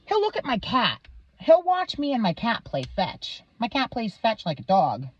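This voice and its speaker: A woman's voice: fairly high pitch, huge pitch swings, normal speed, slightly rough, no room sound. Heated, foul-mouthed woman ranting. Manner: heated, swears constantly. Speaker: vlogger. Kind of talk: profane ranting monologue. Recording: dull, dry lo-fi recording.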